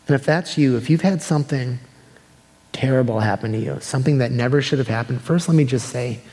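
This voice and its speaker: A pastor preaching a sermon in a relaxed, conversational way that turns soft and earnest. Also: male voice, medium pitch, fairly quick. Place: church sanctuary. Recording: long hall reverb.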